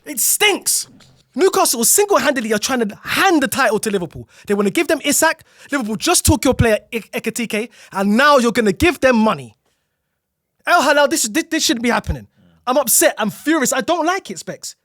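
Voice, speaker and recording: A man's voice: very high voice, big pitch swings, fairly quick, fairly bright tone, no echo, studio quality. A man, co-hosting a football chat show and ranting in an exasperated, teasing way. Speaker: podcast co-host. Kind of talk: heated football rant.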